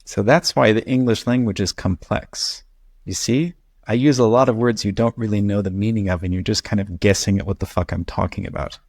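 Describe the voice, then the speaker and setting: A man's voice: fairly low pitch, a little fast, a little mellow, no room sound. A man teaching English one-on-one at home, explaining patiently with a dry, teasing humor. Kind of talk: one-on-one conversation lesson.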